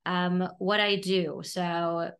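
A woman in her thirties from Brooklyn, a podcast guest telling lively stories and putting on voices. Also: on the low side, drawn-out words. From Brooklyn, New York. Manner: lively storyteller, does voices and laughs. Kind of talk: casual interview chat.

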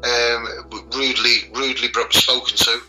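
Earnest Scouse man, bright voice. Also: medium pitch, level tone, soft background music, low-quality recording. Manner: halting, earnest, repeats his words. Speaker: guest, children's rights campaigner. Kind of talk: casual podcast interview.

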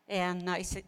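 A woman's voice: lowish voice, clean tone. Middle-aged woman, earnest storyteller, laughs often, ministry talk. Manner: earnest storytelling, laughs often, quotes her own prayers. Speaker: pastor's wife, co-host.

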